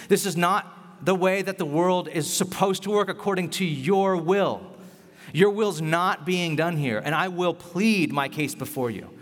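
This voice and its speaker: A man's voice: high-pitched, a little slow. A man preaching a sermon as a pastor, earnest and emphatic with a conversational, joking touch. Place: church hall. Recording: echoey hall reverb.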